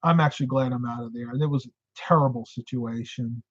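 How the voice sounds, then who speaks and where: A middle-aged man from upstate New York hosts a casual live stream, chatting with viewers, answering their comments and telling stories. His medium-pitched voice stays steady and brisk, and the audio is dull but free of echo.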